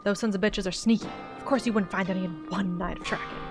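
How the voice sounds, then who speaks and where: A stubborn old backwoods man with a put-on Southern drawl growls and grumbles through a horror game scene, as a woman voices him. His talk is folksy and blunt, pitched in a middle range. Music plays steadily behind him. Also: fairly even intonation, fast, lightly acted. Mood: insistent. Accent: put-on generic Southern US. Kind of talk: voiced-over game dialogue.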